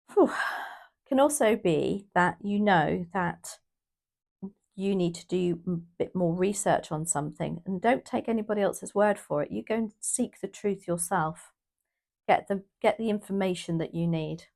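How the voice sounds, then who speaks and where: A woman's voice: on the low side, gravelly. A woman from the UK doing a casual, emotional tarot reading, rambling with restarts and exclamations. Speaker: tarot reader.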